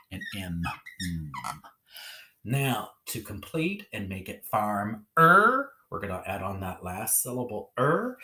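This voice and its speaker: A man teaching a phonics lesson on a video, speaking in a lively sing-song teacher voice and often checking in with "okay?". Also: fairly low pitch.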